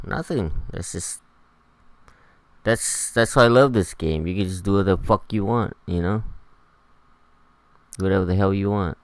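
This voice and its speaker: A man's voice: on the low side, moderate pace, long pauses, clean tone, no room sound, low-quality recording. A man giving laid-back, rambling gameplay commentary, swearing freely as he plays. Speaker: gameplay streamer.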